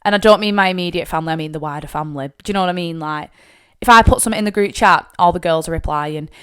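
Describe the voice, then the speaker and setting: Rapid-fire and smooth, this young podcast host speaks in a lowish voice with a Northern English, Lancashire accent. Her personal storytelling monologue is frank and chatty, sprinkled freely with swearing, and she livens up when impersonating family members.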